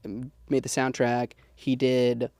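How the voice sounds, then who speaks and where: A man's voice: medium pitch, completely flat delivery, slow pace, darkish tone, dry recording, clean studio sound. A young man, a podcast guest, chatting casually and telling rambling stories with many likes and ums. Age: young adult. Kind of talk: casual chat.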